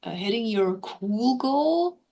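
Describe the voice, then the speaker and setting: A woman with a gravelly, creaky voice plays a tabletop game. She asks quick questions and corrects herself mid-thought. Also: a little high, animated, mellow. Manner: quick, playful, self-questioning. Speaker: player. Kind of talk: tabletop role-play chat.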